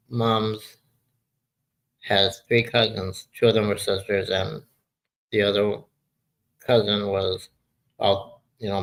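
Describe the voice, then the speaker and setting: Rambly guy in his 60s chatting live, flat voice, kinda gravelly. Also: on the low side, low-quality recording. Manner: rambling, often loses his train of thought. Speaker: livestream host. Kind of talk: casual live chat.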